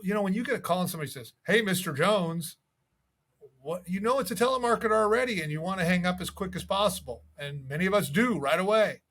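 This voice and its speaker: A man's voice: high-pitched, animated, very fast, few pauses, a bit bright. A man coaching real estate agents in a casual, conversational way, acting out sample voicemails. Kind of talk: casual video tips to camera.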